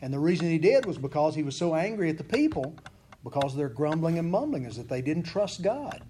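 A man's voice: fairly high pitch, very animated, fairly quick, mellow. A man leading a Bible study class, teaching in an earnest, conversational way and voicing prayers in the first person. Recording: echoey room with faint background noise.

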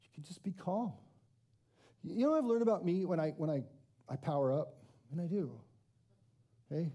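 A man delivering a conversational sermon, his voice very dark and mellow. His pitch rises and falls a great deal as he talks. He keeps turning questions back on the congregation. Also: expressive, normal speed. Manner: conversational, self-deprecating, asks the congregation questions. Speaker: pastor.

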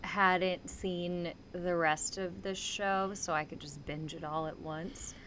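Rambling woman with a lowish voice. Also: fairly even intonation, slow, a bit bright, a little hiss or hum. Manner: rambling, hedging storyteller. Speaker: podcast co-host. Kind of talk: casual chat.

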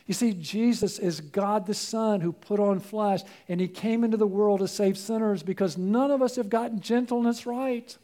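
High-voiced earnest male preacher. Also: normal speed, few pauses. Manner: earnest, pleading, swings between soft and raised. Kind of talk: sermon.

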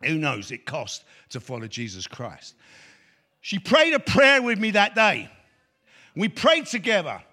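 A man's voice: sits high, huge pitch swings, unhurried, sharp tone. A middle-aged man giving his testimony as an evangelist, emphatic and preacherly. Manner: emphatic, preacherly, rising to exclamations. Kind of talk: spoken testimony.

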